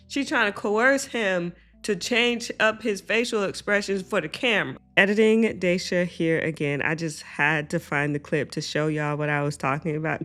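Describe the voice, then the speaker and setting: A young woman talks through a reaction video in a casual, outspoken way, with a voice of ordinary pitch. She sounds exasperated and repeats points to drive them home. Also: fairly bright tone. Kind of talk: casual commentary.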